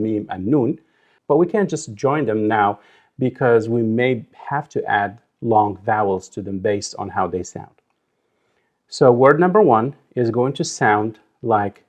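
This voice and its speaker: Slow, patient man teaching pronunciation. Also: mid-range voice, muffled recording. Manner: slowly drills and repeats words, drawing out syllables. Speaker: Arabic teacher. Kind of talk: slow instructional explanation.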